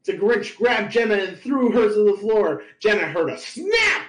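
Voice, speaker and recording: A man's voice: sits high, very animated, normal speed, a bit bright. Man narrating with a laugh, echoey hall. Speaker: podcast host. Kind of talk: comic live reading of fan fiction. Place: convention panel room.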